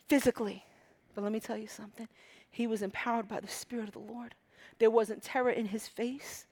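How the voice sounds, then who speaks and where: Speaking fairly quickly in a fairly high, steady voice, an Egyptian woman delivers a fervent sermon. Her delivery moves between quiet whispers and loud, forceful climaxes.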